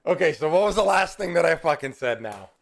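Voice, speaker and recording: A man's voice: fairly high pitch, expressive, a little fast. A man narrating and voicing characters as game master of an online tabletop game, casual and swearing now and then. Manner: casual, swears, laughs easily. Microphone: computer mic on a voice call.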